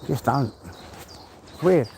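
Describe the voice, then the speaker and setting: Gravelly English man chatting outdoors. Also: medium pitch, expressive, slow, dark tone, slight background noise, poor audio. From England. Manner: chatty, rambling, down-to-earth. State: out of breath. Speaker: livestream host. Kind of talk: casual walk-and-talk chat.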